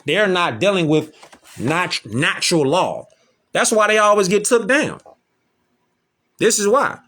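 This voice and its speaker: A man's voice: high-pitched, a bit bright. A man lecturing his audience in an emphatic, preachy way, repeating rhetorical questions. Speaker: online lecturer. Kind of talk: preachy commentary to camera.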